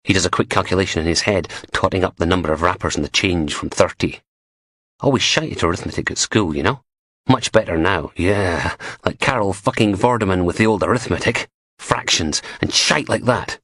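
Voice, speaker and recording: A man's voice: sits low, brisk, fairly bright tone, no room sound, clean studio sound. A man narrating a crime audiobook in a gritty, profane, darkly comic manner.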